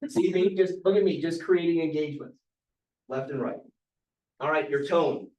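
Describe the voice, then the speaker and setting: A man's voice: a little high, moderate pace, darkish tone, muffled recording. A man leading a team meeting as a trainer. He tells stories conversationally and demonstrates vocal inflection as he talks. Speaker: real estate team trainer. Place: office meeting room. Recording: roomy echo.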